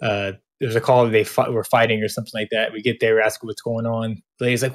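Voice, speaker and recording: A man's voice: on the low side, little pitch movement, fast, hardly any pauses. A man who is a police officer, telling work stories in casual podcast chat, blunt and profane, often laughing.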